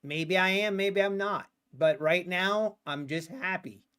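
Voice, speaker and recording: Streaming his trades live, a man offers relaxed commentary, teasing the market sarcastically and laughing often. He speaks unhurriedly in a high, slightly bright, clean voice.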